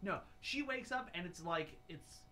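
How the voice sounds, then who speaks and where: A young father co-hosting a casual podcast, telling animated stories with many fillers. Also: high voice, measured pace, a little hiss or hum. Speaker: podcast co-host. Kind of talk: casual chat.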